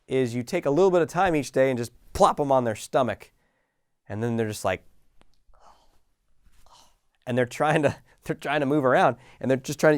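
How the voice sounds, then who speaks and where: A middle-aged man coaching listeners in a casual, animated talk, acting out small scenes with sighs and laughs. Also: medium pitch, dry recording, clean studio sound. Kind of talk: motivational talk to camera.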